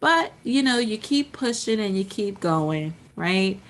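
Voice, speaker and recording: A woman's voice: medium pitch, measured pace. A woman hosting a motivational business podcast, telling stories and acting out little inner voices as she goes. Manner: animated storytelling, acts out inner voices. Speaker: podcast host.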